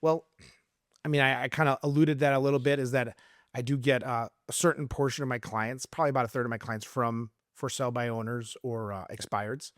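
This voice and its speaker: A man's voice: mid-range voice, fairly quick, no room sound, studio quality. A middle-aged man from Arizona, a realtor who talks through sales tactics in casual conversation and acts out his calls with clients. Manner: animated storyteller, acts out sales calls in lively voices. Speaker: realtor guest. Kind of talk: casual podcast interview.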